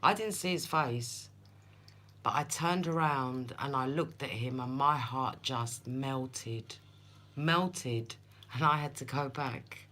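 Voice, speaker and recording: A woman's voice: very deep voice, measured pace, fairly bright tone. A chatty woman hosts a live tarot stream. She tells stories in a loose, rambling way and talks straight to her viewers by name. A faint hum sits under her voice. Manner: chatty, laughing storyteller who speaks to viewers by name. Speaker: tarot reader.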